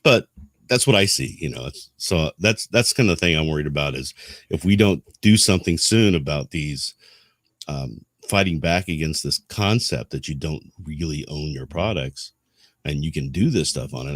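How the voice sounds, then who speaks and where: Middle-aged male podcast co-host, very low voice, rambling and self-deprecating, dry close sound. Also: moderate pace, a bit bright, no echo. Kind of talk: casual podcast discussion.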